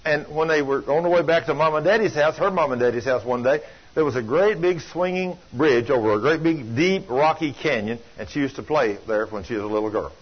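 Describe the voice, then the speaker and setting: An older man preaching a sermon, telling folksy stories that swing from loud to hushed. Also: a little high, brisk, breathy edge. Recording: dull lo-fi sound.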